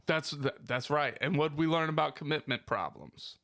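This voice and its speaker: A man's voice: fairly high pitch, normal speed, fairly bright tone, dry recording. A man co-hosting a casual podcast on a studio microphone, ranting about pet peeves with exaggerated complaints and constant swearing. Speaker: podcast co-host. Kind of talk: casual profane podcast banter.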